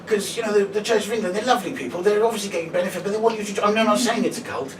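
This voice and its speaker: A man's voice: high-pitched, rapid-fire. A male comedian doing live stand-up, chatty and sweary, bantering with the audience. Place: small live comedy venue. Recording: echoey room, distant mic, loud ambient noise.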